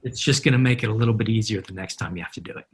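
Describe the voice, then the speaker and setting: A middle-aged man with a husky, slightly breathy voice, guesting on a podcast. He tells stories with energy and keeps acting out the dialogue from them. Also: on the low side, very fast. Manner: animated anecdotes, acting out quoted dialogue. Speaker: guest, marketer. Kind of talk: storytelling in a podcast interview.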